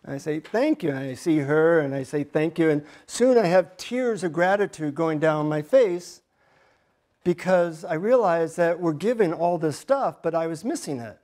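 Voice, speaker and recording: A man's voice: a little high, animated, normal speed, darkish tone. A man giving a talk to a live group as a workshop speaker, telling stories in a humorous, chatty way with plenty of fillers.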